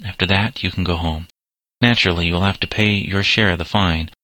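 A man reading a kindly, earnest middle-aged doctor in an audiobook, in a gentle, fatherly way. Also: deep voice, fairly even intonation, a little fast, no echo, poor audio.

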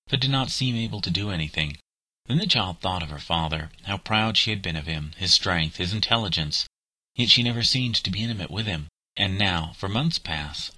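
A man narrating a storybook in a measured, plain way. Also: deep voice, pushed and bright, no room sound, rough recording. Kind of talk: storybook reading.

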